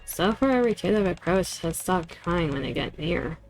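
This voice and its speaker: A woman reading a gruff, kind hooded heroine. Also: on the low side, lively intonation, normal speed, soft background music.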